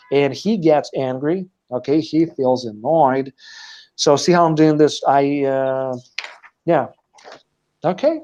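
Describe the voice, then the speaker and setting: A man teaches a live online class and explains things step by step, pausing often on fillers. His voice is dark and mellow, and the sound is dull and lo-fi, like a video call. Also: medium pitch. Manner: hesitant, many "uh" fillers. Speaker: language teacher.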